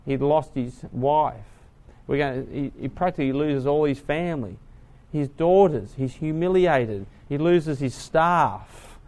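A man preaching a sermon, retelling a story dramatically, swinging from hushed to loud. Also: on the high side, unhurried.

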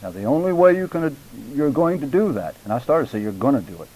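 An older man teaching a church public speaking class, deliberate and emphatic, addressing his students directly. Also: a little high, sing-song, mellow, poor audio.

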